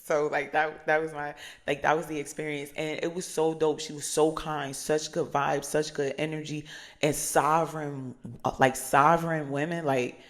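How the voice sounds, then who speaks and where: A woman's voice: low-pitched, little pitch movement, normal speed. A woman from New Jersey, a life coach, giving a casual motivational daily check-in in a chatty, slangy storytelling way with repeated phrases. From New Jersey, USA.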